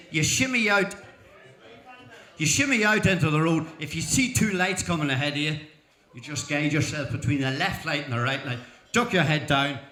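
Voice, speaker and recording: A man's voice: on the high side, pushed and bright. A man with an Irish accent telling jokes in folksy storytelling fashion, chuckling through punchlines at a school talent show. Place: school hall. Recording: echoey hall.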